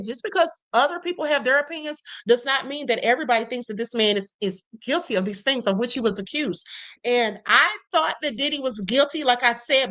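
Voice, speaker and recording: Female live-stream host, high bright voice, emphatic, speaks directly to her chat.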